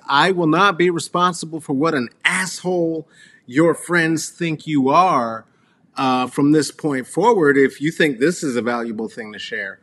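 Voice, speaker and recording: A man's voice: a little high, unhurried, a bit bright, breathy edge. A middle-aged man hosting a rambling solo comedy monologue, crude and sarcastic, full of fillers and trailing asides. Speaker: comedy show host. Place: Colorado.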